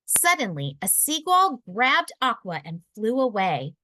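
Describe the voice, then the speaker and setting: Casting: woman reading a picture book aloud, lively, higher voice, dry close sound. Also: unhurried, hardly any pauses, no echo. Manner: expressive, animated. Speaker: children's book reader. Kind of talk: read-aloud storytelling.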